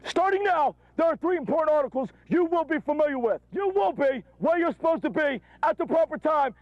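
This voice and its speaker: High-pitched barking drill instructor man. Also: animated, a little fast, dry recording, highs cut off. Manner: shouting, clipped orders. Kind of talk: barked military commands.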